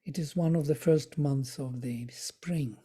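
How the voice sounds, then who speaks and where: A study group teacher with a husky, mellow voice, talking unhurriedly through old verses. They recite each line and then gloss it word by word. Quiet asides and small self-corrections keep the reading relaxed. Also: medium pitch, unhurried. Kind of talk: slow explanatory reading and commentary on scripture.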